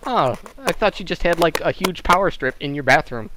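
A young man hosts a podcast over online voice chat, rambling with many fillers and joking crudely, sounding like he has a cold. His voice is high, expressive and brisk, with faint noise in the connection.

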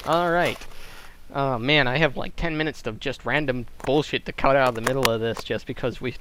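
A man's voice: medium pitch, fairly quick, a bit bright, low-quality recording. A young man hosting a podcast over voice chat, joking crudely and rambling with many fillers, sounding like he has a cold. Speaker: podcast host. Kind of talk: casual voice chat. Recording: online voice chat with faint noise.

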